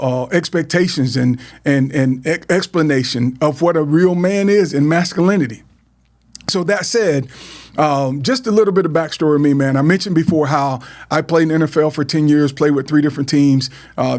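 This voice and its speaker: A middle-aged man talks in an earnest, heartfelt way, as a podcast host sharing his own story. His voice sits a little high for a man. He often stumbles, repeats words and restarts his sentences. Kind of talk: heartfelt personal talk.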